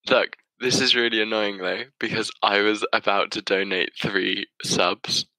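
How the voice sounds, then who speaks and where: Bright-voiced teasing man. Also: fairly low pitch, fairly even intonation, unhurried, dry recording, low-quality recording. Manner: laid-back, teasing, laughs often. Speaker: podcast co-host. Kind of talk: casual chat.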